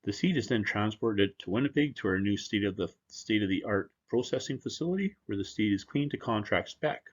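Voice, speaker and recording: A man's voice: fairly low pitch, expressive, brisk, dull audio. A man presenting at a seminar as a seed company representative, talking in a conversational, joking way. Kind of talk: conference presentation.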